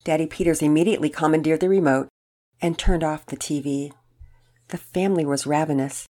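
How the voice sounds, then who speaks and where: A woman reading a children's story aloud in an expressive, storytelling way. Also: low-pitched, a little fast.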